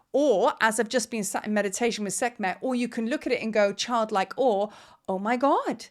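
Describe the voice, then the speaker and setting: A woman spiritual teacher talking casually to her camera at home, rambling and heartfelt, holding back tears. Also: fairly high pitch. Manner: rambling, heartfelt, trying not to cry. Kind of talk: casual vlog talk to camera. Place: at home in Cape Town.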